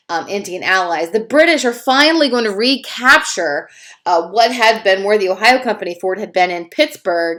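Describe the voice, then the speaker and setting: A woman's voice: mid-range voice, fairly bright tone. A woman giving a casual history lecture, talking conversationally with fillers and little acted asides.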